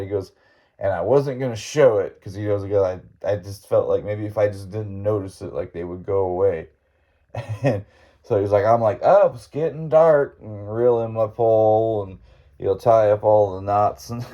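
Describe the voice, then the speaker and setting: A man's voice: on the low side, dark tone. A male podcast host casually retelling a friend's ghost story, rambling and often laughing as he quotes his friend.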